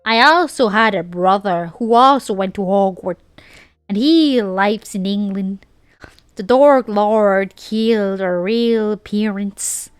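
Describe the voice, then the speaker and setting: A woman's voice: mid-range voice, slow, clear, resonant tone, no room sound, studio quality, soft background music, close to an everyday voice. A woman voicing a boastful, ditzy teenage Southern girl from a fanfic, with a put-on American Southern accent and an exaggerated drawl.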